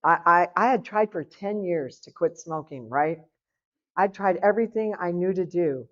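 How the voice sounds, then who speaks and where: A middle-aged woman giving a personal testimony at a church seminar, telling her story in a lively way and acting out the dialogue. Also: fairly low pitch, measured pace. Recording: lo-fi, dull recording.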